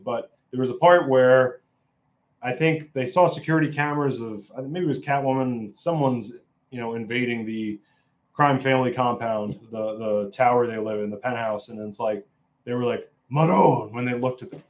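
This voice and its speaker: A man's voice: medium pitch, steady tone, a little fast. A man giving a casual, opinionated film review, rambling and often restarting his sentences.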